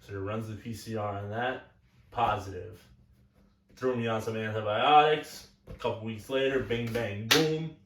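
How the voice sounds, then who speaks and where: A man's voice: fairly low pitch, fairly even intonation, normal speed, very noisy. A young man telling crude stories on a casual podcast, rambling and blunt. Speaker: podcast co-host. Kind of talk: casual chat. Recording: echoey room from far off.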